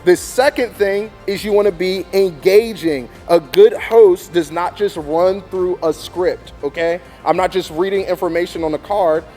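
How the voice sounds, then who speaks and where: Brief: male youth leader with a high, bright voice, coaching hosts, emphatic delivery, faint music underneath. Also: unhurried, hardly any pauses. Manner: animated, emphatic, demonstrates with mock announcements; checks in with frequent "okay?". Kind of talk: training talk to volunteers.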